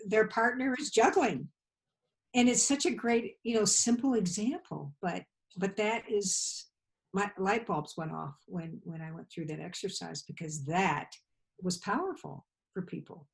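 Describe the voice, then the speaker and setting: A woman's voice: medium pitch, a little slow, creaky. A woman coach in casual conversation, listening closely and affirming often. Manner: attentive, frequent affirmations.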